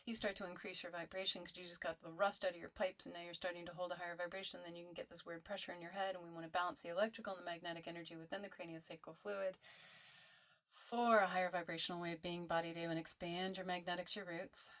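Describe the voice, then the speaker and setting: A woman teaching a vocal toning practice, talking listeners through it in a gentle coaching way and showing the sounds herself. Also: flat delivery, quick pace. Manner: gentle coaching, demonstrates high owl-like hoo tones. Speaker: meditation teacher. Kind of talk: guided toning instruction.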